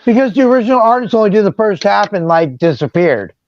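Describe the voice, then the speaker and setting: A man from Seattle chatting casually on a video call, telling animated, slangy stories. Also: high voice, quick pace, no echo, highs cut off. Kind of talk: casual chat.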